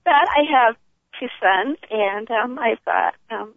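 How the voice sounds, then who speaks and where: An older woman, an author, telling her life story in an interview, animated and often laughing as she acts out the people in it. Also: fairly high pitch, slow pace, creaky, no room sound. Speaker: author and guest. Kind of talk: emotional personal storytelling. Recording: tinny phone line.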